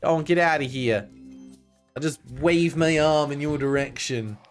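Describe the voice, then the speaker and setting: A man streaming a video game, giving casual, excitable, jokey commentary and chatting with his viewers. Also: a little high, unhurried, soft background music.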